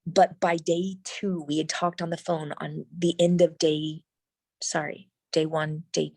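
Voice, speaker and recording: A middle-aged woman, a guest in an interview, telling a personal story in an animated, emphatic way with frequent restarts. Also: deep voice, unhurried, no room sound, rough recording.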